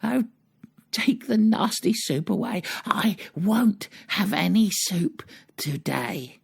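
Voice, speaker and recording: A man's voice: lively intonation, slow, vocal fry, slightly rough, heavily acted. A man reading aloud and voicing a stubborn little boy who shrieks that he refuses his soup. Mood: wailing. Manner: shrill, wailing.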